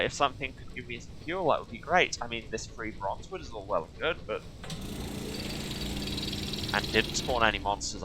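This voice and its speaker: A man streaming a video game who jokes, exclaims often, and reads the game's story text aloud in a slower, softer voice. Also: mid-range voice, a little hiss or hum, poor audio. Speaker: let's play streamer. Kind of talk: casual game commentary with text read aloud.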